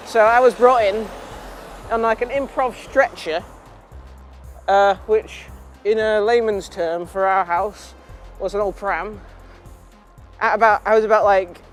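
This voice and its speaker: A young Englishman with a high, light voice rambles through a childhood story, laughing at himself and wandering off on tangents. A soft music bed plays faintly underneath. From England. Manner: self-mocking, laughs often, trails into tangents. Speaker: vlogger.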